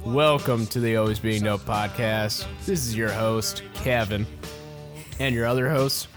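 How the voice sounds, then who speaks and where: A man's voice: fairly low pitch, fairly even intonation, measured pace, over music. A man hosting a podcast, chatting and joking casually, laughing and swearing freely. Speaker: podcast host.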